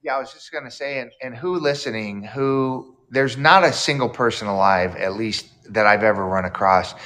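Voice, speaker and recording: A man's voice: lowish voice, fairly bright tone. A man who is an author guest in an interview, reflective and storytelling, acting out quoted lines. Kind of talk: casual interview chat.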